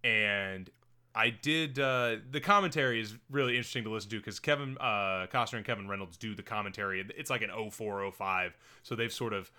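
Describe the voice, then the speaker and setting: A man co-hosting a casual movie podcast, animated and often laughing. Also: on the low side, brisk, clean tone. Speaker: podcast co-host. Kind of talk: casual movie review chat.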